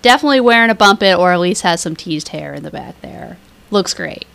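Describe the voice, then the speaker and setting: A woman's voice: lowish voice, animated, brisk, creaky, a bit bright. Rambling, giggly young woman recapping. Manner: rambling and giggly, casual swearing. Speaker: podcast co-host. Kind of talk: casual chat, episode recap.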